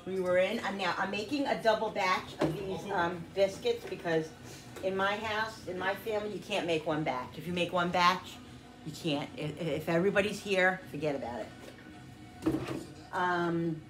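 A woman's voice: fairly low pitch, moderate pace. A woman in her fifties hosting a home cooking video, telling stories in a chatty way and acting out the voices in them. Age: 50s. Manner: chatty storyteller, acts out the voices in her anecdotes. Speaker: cooking channel host. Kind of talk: casual kitchen chat. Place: home kitchen. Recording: echoey kitchen, faint noise.

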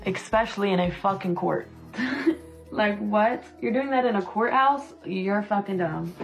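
Woman, livestream guest, emphatic, indignant, profane, mid-pitched voice, faint music behind. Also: measured pace. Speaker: friend and guest. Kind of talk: casual chat.

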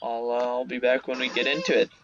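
A man hosting a gaming channel, giving rambling, excitable commentary as he plays, often repeating himself. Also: mid-range voice, quick pace, lo-fi sound, a little hiss or hum. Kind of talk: playthrough commentary. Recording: loud game music behind. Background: loud game music.

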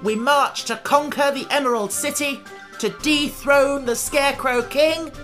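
A man's voice: sits high, expressive, moderate pace, faint music behind. A man reading an audiobook, voicing a bold and scornful young female rebel general. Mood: rousing.

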